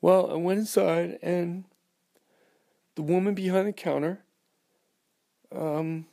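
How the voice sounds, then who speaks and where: A man hosting a podcast, telling a dramatic story in an animated, rambling way full of restarts. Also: high-pitched, slow pace, gravelly. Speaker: podcast host.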